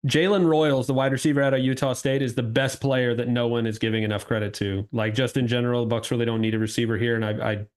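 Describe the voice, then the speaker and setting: Casting: male podcast guest, draft analyst, mid pitch, quick restarting delivery. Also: fairly even intonation, darkish tone. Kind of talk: casual podcast chat.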